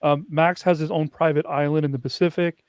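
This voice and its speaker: A man's voice: on the high side, fairly even intonation, brisk, clean tone, no room sound, studio quality. A man from Canada on a casual online panel, chatting in a jokey, easygoing way.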